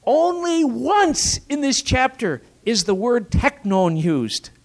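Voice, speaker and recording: A man preaching a sermon in a dramatic way, swinging from forceful emphasis to hushed whispers, with repeated rhetorical questions to his listeners. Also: extremely high pitch, very animated, takes it slowly, vocal fry. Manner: repetitive, rhetorical questions to the congregation.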